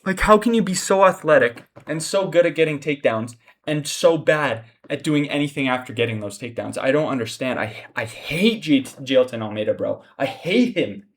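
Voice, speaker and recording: A man's voice: mid-range voice, animated, normal speed, hardly any pauses. A young man hosting a casual fight breakdown, exasperated and profane, sighing often as he rants. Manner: exasperated, profane ranting with frequent sighs. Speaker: MMA analyst host.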